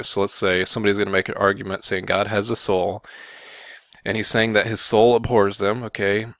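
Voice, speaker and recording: A man giving combative Bible commentary, often pausing on "okay" and "you know" to press his point. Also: fairly low pitch, gravelly, a bit bright, no room sound. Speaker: religious video commentator.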